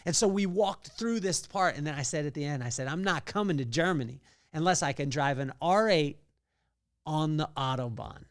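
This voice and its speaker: A man's voice: a little high, normal speed, no echo, studio quality. A man hosting a solo podcast, telling a story with energy and acting out the quotes in other voices. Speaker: podcast host.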